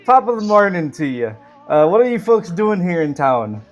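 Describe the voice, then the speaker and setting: A man voicing a friendly, rambling middle-aged Irish sailor in a put-on Irish accent during a tabletop game, pausing often with "uh". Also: high-pitched, sing-song, muffled recording, soft background music. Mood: chummy. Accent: put-on Irish, heard by others as Canadian. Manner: hesitant, full of "uh" pauses. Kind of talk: tabletop role-play voice.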